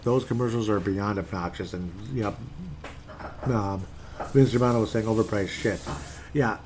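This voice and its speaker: A man's voice: mid-range voice, darkish tone, slight background noise. A man ranting in a casual, rambling way about his team's game, reading posts aloud and sounding fed up. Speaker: sports fan commentator. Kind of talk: casual solo sports rant.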